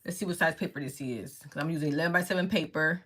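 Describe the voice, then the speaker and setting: A woman teaching a crafting tutorial in a casual, fast-talking way, often checking in with the viewer by asking "okay?" as she walks through each step from her home craft workspace. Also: sits low, a bit bright, husky. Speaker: crafting instructor. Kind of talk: casual screen-share tutorial.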